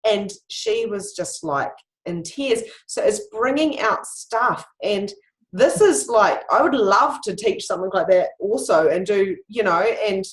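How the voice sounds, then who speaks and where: A woman's voice: mid-range voice, animated, unhurried. A woman hosting a casual interview, sharing personal stories in an open, confiding way. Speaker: host. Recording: echoey room.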